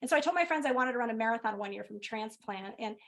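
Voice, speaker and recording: Animated middle-aged woman telling her story. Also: fairly high pitch, fast talker. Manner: animated storytelling, lively laughs. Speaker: guest speaker, physician. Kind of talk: personal story in a webinar.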